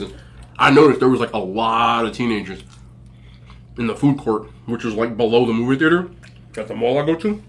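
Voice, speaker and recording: A man in his forties telling stories to viewers in a relaxed, joking way, laughing often and using plenty of slang. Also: medium pitch. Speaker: mukbang host. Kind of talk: casual storytelling to viewers.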